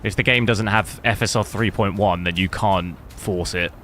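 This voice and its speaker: Chatty streamer with a bright voice. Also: male voice, low-pitched, normal speed, a little hiss or hum. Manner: rambling, chatty, answers viewer chat. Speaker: gaming streamer. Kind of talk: casual live-stream chat while benchmarking.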